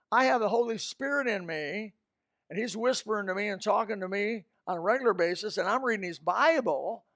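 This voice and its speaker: High gravelly preacher, close and dry. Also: male voice, no echo. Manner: emphatic, swings from loud outbursts to low asides. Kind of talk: sermon.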